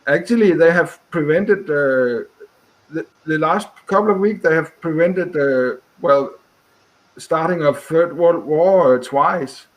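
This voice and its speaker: A man from Scotland, a guest caller on a casual discussion show, talking hesitantly with many pauses and fillers. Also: on the high side. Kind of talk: casual chat.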